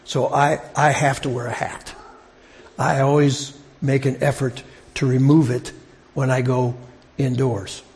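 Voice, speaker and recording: A man preaching a sermon in a conversational, halting way, often restarting his sentences. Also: medium pitch, little pitch movement, darkish tone. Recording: long reverb of a large hall.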